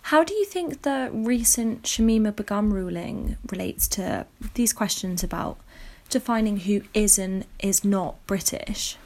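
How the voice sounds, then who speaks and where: A woman interviewer asking clear, measured questions. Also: medium pitch, expressive, a little mellow.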